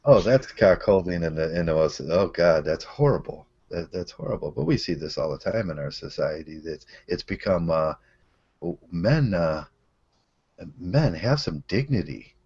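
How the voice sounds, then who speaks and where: A man's voice: low-pitched, animated, moderate pace, darkish tone, husky. A man hosting a casual chat, telling crude stories with frequent laughter. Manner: storytelling with laughs and crude language. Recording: dull lo-fi audio.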